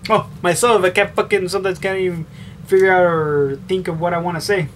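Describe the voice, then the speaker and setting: Young male vlogger, slightly high voice, swears constantly, rambles with fillers, faint room hiss. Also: fairly even intonation, brisk, a bit bright. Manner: profane, blunt, rambling with filler. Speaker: vlogger answering tag questions. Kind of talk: casual chat.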